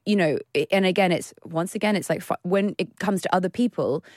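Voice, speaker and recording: A woman co-hosting a podcast in relaxed, casual chat. Her voice sits on the low side, and she jokes and restarts her sentences as she goes. The sound is dry and close to the mic. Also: a little fast, no echo. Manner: chatty, self-interrupting, jokey. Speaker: podcast co-host.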